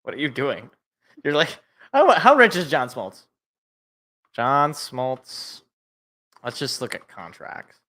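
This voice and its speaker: A man hosting a sports podcast alone, ranting in a rambling, animated way and cutting himself off. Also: medium pitch, slow, pauses often. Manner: rambling, animated, self-interrupting. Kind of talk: casual solo sports rant.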